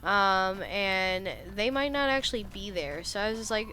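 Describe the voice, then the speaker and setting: A woman's voice: mid-range voice, expressive, normal speed, hardly any pauses, bright, forceful tone, a little hiss or hum. A woman streamer giving casual, joking gameplay commentary and laughing often. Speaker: game streamer.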